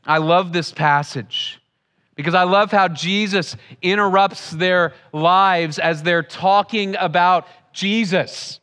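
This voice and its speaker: Young male pastor, high voice, earnest and conversational, repeats key lines for emphasis. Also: slow, sharp tone, smooth. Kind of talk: sermon. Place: church.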